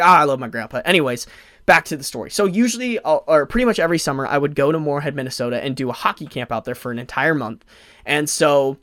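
Animated young man rambling. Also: fairly high pitch, dry recording, clean studio sound. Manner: rambling, filler-heavy, animated. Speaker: storyteller. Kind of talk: casual storytelling.

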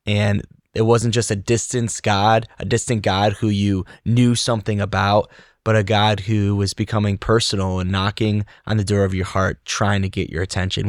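A man's voice: lowish voice, no echo, clean studio sound. A man hosting a faith podcast who speaks in a reflective, sermon-like way. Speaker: podcast host.

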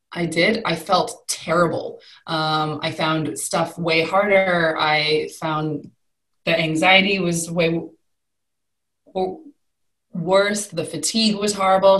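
A young adult woman, a guest in a conversational interview, speaking candidly and telling her story with lively swings in pitch. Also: echoey room, rough recording.

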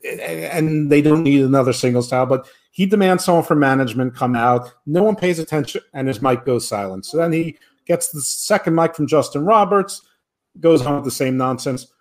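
On a podcast he co-hosts, this man recaps wrestling in a rambling, sarcastic way. His voice sits a little high and his pace is brisk, and he gets animated when mimicking the people he quotes.

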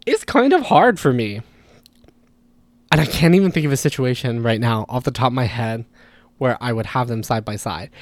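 A man's voice: fairly high pitch, darkish tone, no echo. A man hosting a language podcast, talking casually and explaining ideas through spoken examples, often correcting himself as he goes.

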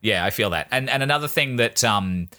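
A man's voice: mid-range voice, expressive, fairly quick, bright, forceful tone. A man co-hosting a casual film review podcast, agreeable and chatty, often saying yeah and sure. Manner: agreeable, many yeahs and sures, laughs. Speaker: podcast co-host.

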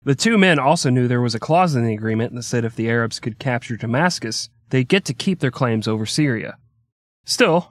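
A man's voice: medium pitch, no echo, clean studio sound. A man hosting a podcast, narrating history in an irreverent comedic way with crude joking asides. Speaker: podcast host.

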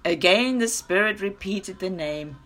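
A woman narrating a children's story in an expressive, dramatic read-aloud style. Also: mid-range voice, measured pace, faint music behind. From South Africa.

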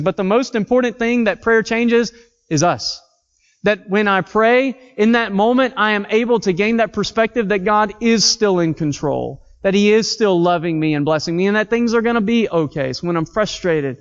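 A man preaching a sermon in an earnest, conversational way, telling stories and reading scripture. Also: sits high. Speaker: pastor. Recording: dull audio with long hall reverb.

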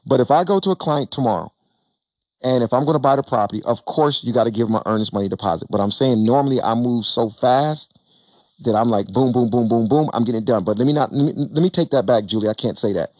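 A man who invests in real estate gives an emphatic, animated talk to an audience on a panel, repeating phrases and acting out bits of dialogue. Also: medium pitch, quick pace, no echo. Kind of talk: motivational stage talk to an audience.

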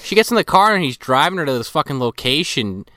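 A man's voice: on the high side, big pitch swings, fast talker, sharp tone, dry recording. A man in casual podcast chat, incredulous and profane as he picks apart a movie. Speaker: podcast co-host.

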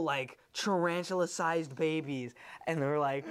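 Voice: medium pitch, moderate pace. Rambling young podcast host, lots of "like". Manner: rambling, many fillers and restarts. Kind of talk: casual chat, retelling a movie.

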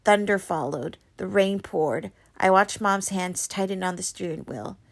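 A woman reading a novel aloud, expressive, with small slips and restarts. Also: medium pitch, a little slow, vocal fry. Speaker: reader.

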